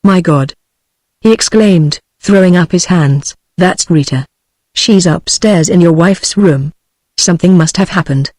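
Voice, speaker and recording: A synthetic British English woman's voice reading a novel aloud in an even, uninflected way. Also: fairly low pitch, unhurried, no room sound. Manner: even, uninflected delivery of dialogue and narration. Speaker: narrator.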